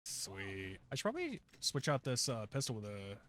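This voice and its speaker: A man's voice: fairly low pitch, wildly swooping pitch, moderate pace, fairly bright tone. A man commentating his own gameplay in a casual, joking way, with swearing. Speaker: gamer in recorded video.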